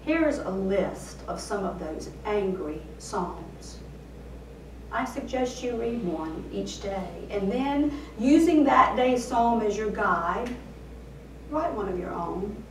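A woman preacher voicing a gentle, encouraging father talking to his teenage daughter in a sermon story. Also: mid-range voice, expressive, slow, slight background noise. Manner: warm, fatherly coaxing. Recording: roomy sound, voice from far off.

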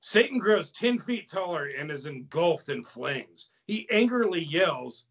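Lively gravelly man narrating a comedy script. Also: fairly high pitch, measured pace. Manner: animated storytelling, breaks into laughter. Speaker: podcast co-host and narrator. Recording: dull lo-fi podcast audio.

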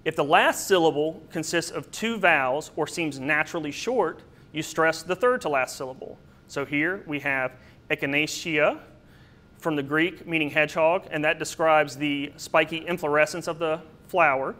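This man talks at a moderate pace with few pauses, his fairly high voice a bit bright. Using slides, he lectures on plant names, explaining patiently with occasional fillers and little side remarks.

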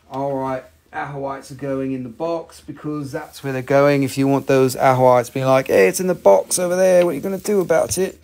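A man's voice: mid-range voice, darkish tone. A man selling rocks and minerals on a live stream, joking around, rambling and swearing casually. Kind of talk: casual live sales chat.

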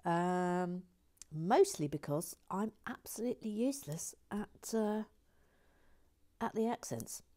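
A woman hosting a model-building stream on a lapel mic, chatting in a rambling, self-mocking way and dropping into soft whispered asides. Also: medium pitch, animated, slow pace. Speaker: host building a toy model. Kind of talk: casual chat while building. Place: indoors at a table.

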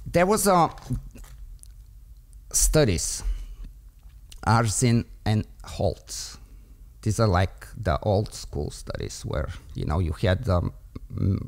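A man's voice: low voice, gravelly. A man who trains dogs, debating on a podcast and explaining a point by telling a story, voicing the thoughts of its characters along the way. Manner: explanatory, tells stories with voiced inner thoughts.

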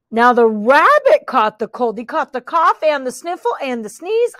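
A woman reading a children's picture book aloud in an animated, playful way, commenting on the pictures. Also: high voice, normal speed, few pauses, no echo, studio quality.

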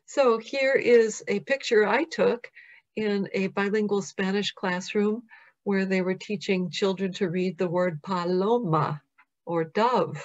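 A woman with an American accent, a professor giving a recorded academic lecture in a measured, explanatory way, reading out example words slowly. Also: mid-range voice, muffled recording. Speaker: professor presenting.

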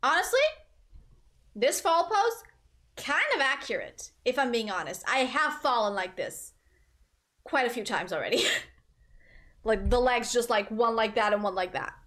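Speaking at normal speed but with long pauses, a woman with a fairly high voice streams a game. She gives animated, casual commentary, talking to her chat and reading in-game lines aloud.

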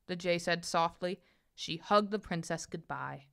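A woman reading a children's storybook aloud with gentle, expressive narration. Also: fairly low pitch, moderate pace, smooth.

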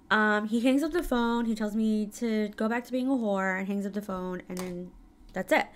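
A woman's voice: a little high, steady tone, moderate pace. A woman in her thirties candidly telling a painful personal story in a casual vlog, full of fillers and emotion. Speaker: vlogger. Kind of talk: casual storytelling while doing makeup.

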